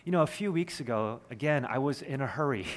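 Earnest pastor preaching conversationally. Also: male voice, mid-range voice, lively intonation, fast. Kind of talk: sermon.

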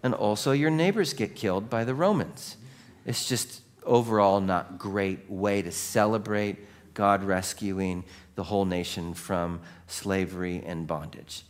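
A man preaching a sermon as a pastor, animated and full of questions to the congregation, dropping to a slow, quiet voice for solemn points. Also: on the low side.

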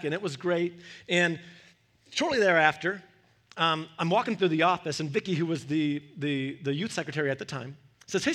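Bright, high-voiced animated male pastor. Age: middle-aged. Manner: animated storyteller, acts out dialogue, repeats phrases. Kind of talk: sermon storytelling.

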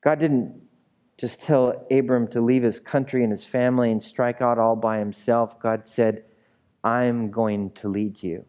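A man's voice: mid-range voice, steady tone, moderate pace, warm tone. A male pastor preaching a sermon in a conversational way, with playful asides and emphatic repetition.

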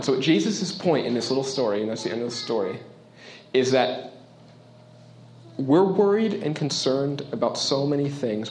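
A male pastor delivers a sermon in a relaxed, conversational manner, stressing key points and often asking his listeners questions. His voice sits in a middle range. The room around him is roomy and echoey, with a faint background hum. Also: medium pitch. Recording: roomy echo.

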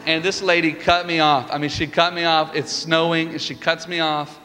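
A man preaching a sermon as pastor, telling stories with lively energy and building to fervent peaks. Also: on the high side, normal speed. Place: church sanctuary. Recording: reverberant hall with music behind.

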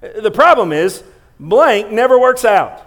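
High-voiced, emphatic male preacher. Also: sing-song, slow. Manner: emphatic preaching with frequent stammered restarts; swings between loud emphasis and quiet, hushed lines. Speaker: pastor. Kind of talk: sermon. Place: church sanctuary.

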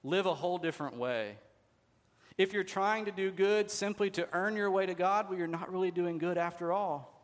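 A high-voiced man speaks at normal speed, preaching a sermon as a pastor. He talks conversationally and puts rhetorical questions to the congregation, with a long hall reverb on the recording.

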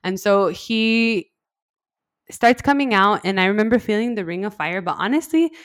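A woman's voice: mid-range voice, normal speed, no echo. A young adult woman telling a personal story in a casual, chatty way, full of "like"s and acted-out quoted dialogue. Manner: chatty, many "like"s, animated quoted dialogue, laughs. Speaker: podcast host telling her birth story.

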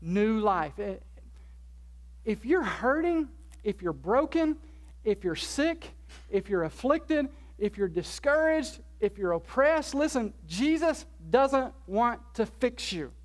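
A pastor preaching a sermon, stressing key words by slowing down and repeating them, asking the congregation questions and answering them. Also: mid-range voice, very animated.

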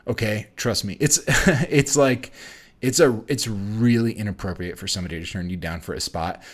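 A man with a mid-range voice talks through strength-training tips in a loose, conversational vlog style. He is chatty and animated, and he keeps circling back with "you know" and "listen" as he goes. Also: mid-range voice. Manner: chatty and animated, with lots of fillers and restarts. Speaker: fitness channel host. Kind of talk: casual instructional vlog.

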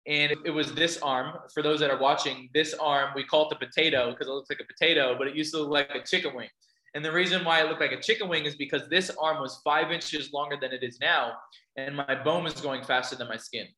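A motivational speaker addresses a live audience, telling stories and questioning listeners in a slightly high, bright, forceful voice. His intonation is fairly even and his pace a little fast. The rough recording sounds reverberant.

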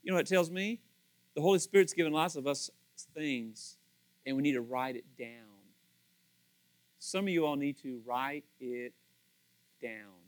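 A male pastor giving a sermon in a chatty storytelling way, acting out little scenes and swinging from loud to soft. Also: on the high side, measured pace, long pauses, dry recording. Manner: conversational storytelling, acts out voices.

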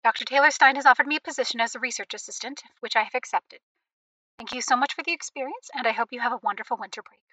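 A woman plays a polite young female student in an audio drama, leaving a brisk message. She talks quickly in a bright, slightly high voice. The recording is dry. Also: dry recording, low-quality recording.

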